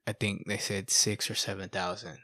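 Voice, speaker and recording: A man sharing his testimony in a casual, animated storytelling way, often asking "right?" and "you know". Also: on the low side, moderate pace, no echo, studio quality. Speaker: podcast guest sharing testimony.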